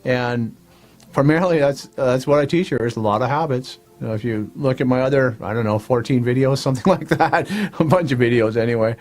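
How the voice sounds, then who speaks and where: A man's voice: medium pitch, brisk, darkish tone. Man, self-help host, motivational, repetitive check-ins, medium voice, faint music. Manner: coaxing, repetitive, checks in with "all right?". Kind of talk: motivational talk to camera.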